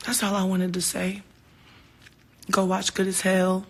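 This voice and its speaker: A woman's voice: medium pitch, monotone, unhurried, husky. A woman talking casually to her fans on a phone livestream, heartfelt and open, swearing now and then. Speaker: singer hosting a livestream.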